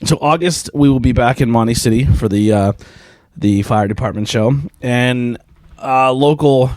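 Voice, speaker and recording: A man's voice: medium pitch, normal speed, a little mellow, dry recording, studio quality. A man in his thirties hosting a podcast, rambling casually with lots of fillers and swearing. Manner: rambling, profane, laid-back, lots of fillers. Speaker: podcast host. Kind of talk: casual solo podcast chat.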